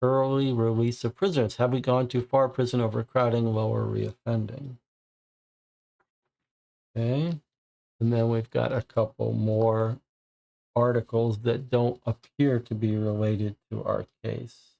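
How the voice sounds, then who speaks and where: A man's voice: mid-range voice, flat delivery, unhurried, creaky, warm tone. A man playing a cold case board game, thinking aloud in a musing, hesitant way.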